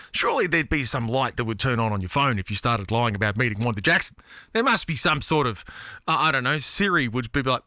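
An Australian man hosts a casual radio show, reading listener texts with a bright, forceful voice. He rambles, trips over his words and makes playful, self-deprecating asides. The sound is dry and close, with no room echo. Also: mid-range voice, expressive, fast talker.

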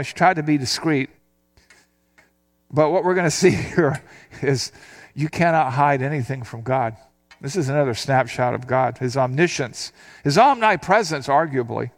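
An older man teaching a Bible passage, reading verses aloud and explaining them in a relaxed, conversational way. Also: on the high side. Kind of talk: sermon.

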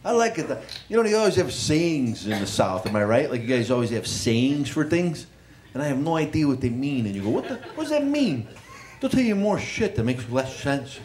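A man's voice: medium pitch, big pitch swings. Brash man doing crowd work. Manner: brash, quick crowd banter, laughing through lines. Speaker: stand-up comedian. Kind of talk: stand-up comedy with crowd work. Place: comedy club stage. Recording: live club with loud crowd and noise.

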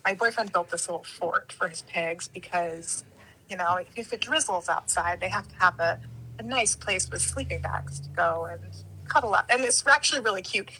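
A woman telling a story in casual chat, animated and acting out the quoted lines in lively voices. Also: fairly low pitch, normal speed, a little hiss or hum, rough recording.

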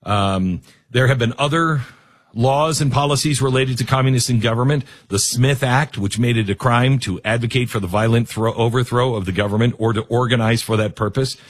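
A man hosting a call-in talk radio show, talking in a measured, deliberate way and then taking callers. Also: medium pitch.

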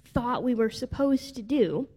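A woman's voice: a little high, lively intonation, unhurried, mellow, slightly rough. A woman preacher telling a personal story in a sermon, in a heartfelt way. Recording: long reverb of a large hall.

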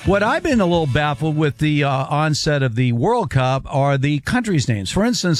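A man's voice: a little high, moderate pace, few pauses, soft background music. A man hosting a sports radio show from a studio, telling bemused stories in casual chat. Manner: animated, bemused storytelling. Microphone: studio microphone.

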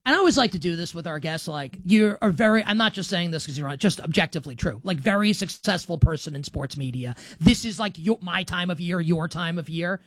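A man's voice: sits high, lively intonation, brisk, few pauses, fairly bright tone, no echo. Rambling man hosting a dry-sounding podcast. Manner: rambling, self-interrupting questions. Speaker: podcast host. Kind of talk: casual podcast chat.

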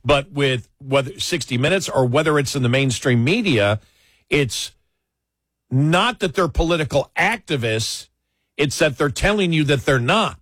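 A man co-hosting a talk radio show, telling stories in casual political chat with quick asides and restarts. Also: on the high side, no room sound, studio quality. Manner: animated storytelling, quick asides, frequent restarts.

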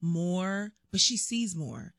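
A woman guest talks through her stories with animated energy and acts out the voices of people she quotes. Her voice is bright and forward, and the sound is close and dry. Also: on the low side, slow pace, dry recording. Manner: animated storyteller, acts out quotes, laughs often. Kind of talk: casual interview chat.

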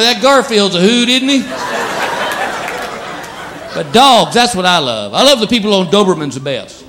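A married man doing stand-up about his pets, animated, acting out the animals in squeaky voices. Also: noisy background. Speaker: stand-up comedian. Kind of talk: stand-up routine. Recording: live show with loud audience laughter. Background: audience laughter.

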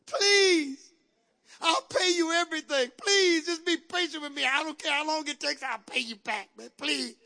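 A man's voice: very high-pitched, normal speed, gravelly, pushed and bright, pitched above the performer's own voice, exaggerated voice. A man voicing a desperate male servant who begs his master for mercy over and over. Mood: begging. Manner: pleading, repeating please over and over.

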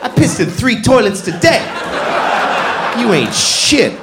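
Guy putting on a gravelly, drawling jerk trash-talking a toilet, swoops all over, roomy club w/ crowd behind. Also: very high voice, sing-song, slow, heavy background noise, voice pushed up, heavily acted. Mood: taunting. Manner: gloating, crude taunts. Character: crude man taunting his toilet while peeing.

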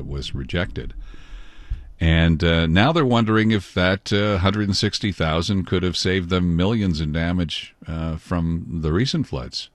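A man hosting a morning radio show, interviewing a guest and often pausing with fillers and restarts. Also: sits low, no echo. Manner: halting, many fillers and restarts.

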